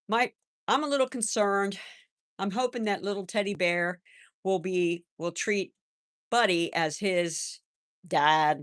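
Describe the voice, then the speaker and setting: An older woman with a lowish, soft voice, chatting gently and rambling a little as she answers viewers' comments on a live stream. The sound is close and dry, with no room around it. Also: dry recording. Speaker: livestream host. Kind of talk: casual live-chat talk.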